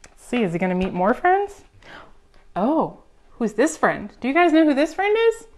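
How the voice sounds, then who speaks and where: A woman reading a picture book aloud at a preschool storytime, gently coaxing the children with questions. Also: a little high, big pitch swings, normal speed. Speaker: children's librarian.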